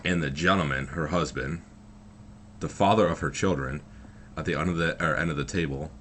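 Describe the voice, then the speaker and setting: A man's voice: extremely low pitch, pushed and bright, slight background noise. A young man telling a story from his own life in a loose, rambling way, full of fillers and swearing. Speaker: vlogger. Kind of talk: casual storytelling.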